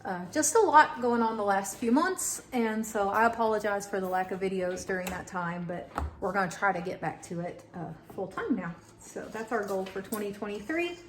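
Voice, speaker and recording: Mom vlogger, thirties, rambling baking chat, echoey kitchen with audible clatter. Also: female voice, mid-range voice, expressive, moderate pace, a little hiss or hum. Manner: chatty, many fillers, talks to her son. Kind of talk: casual chat while baking. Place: home kitchen.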